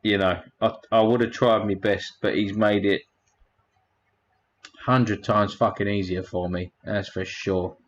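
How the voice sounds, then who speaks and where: A man's voice: fairly low pitch, steady tone, measured pace, dull audio. A man hosting a casual livestream, rambling and a bit crude as he thanks his chat one by one. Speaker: livestream host.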